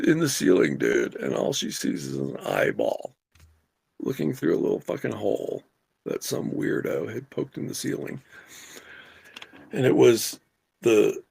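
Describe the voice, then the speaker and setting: A middle-aged man co-hosting a podcast, telling a story in casual, animated chat and swearing freely. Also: on the low side, a little slow, long pauses, no room sound. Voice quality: gravelly, husky. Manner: animated, profane storyteller who yells quoted lines. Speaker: podcast co-host.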